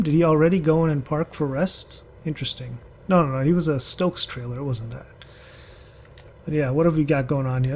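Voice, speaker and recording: A man's voice: on the high side, a little mellow, a little hiss or hum. A man giving rambling, chatty commentary over a driving game, talking to other drivers as he goes. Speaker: gaming channel host. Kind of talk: casual gameplay commentary.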